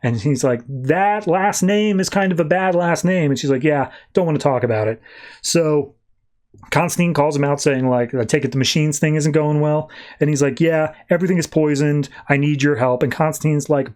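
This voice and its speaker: A man hosts a comics podcast and retells the plot of an issue in a loose, chatty way. He jumps into quick quoted lines for the characters as he goes. His pitch sits in a middle range for a man. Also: a little mellow. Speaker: podcast host. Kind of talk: casual comic book recap.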